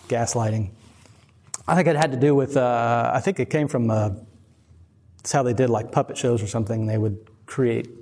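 A man's voice: medium pitch, dark tone. A man preaching a casual, conversational sermon. He rambles and digresses, adding chuckling asides. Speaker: pastor. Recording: long reverb of a hall.

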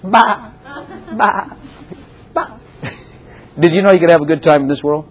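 A man preaching a sermon as a pastor, animated, with laughing asides and repeated phrases for emphasis. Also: on the high side, very fast, rough recording.

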